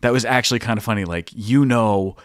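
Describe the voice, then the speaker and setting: A man's voice: mid-range voice, a little fast, very noisy. A man, a priest hosting a podcast, telling casual anecdotes with lots of laughter. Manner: animated anecdotes, frequent laughter. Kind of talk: casual storytelling.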